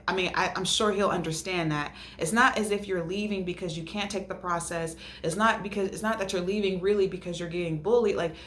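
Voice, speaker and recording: A woman's voice: fairly low pitch, a little fast, hardly any pauses, slight background noise. A woman hosting a casual recap of a reality show, talking animatedly and ranting, re-enacting what others said with mocking voices. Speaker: host.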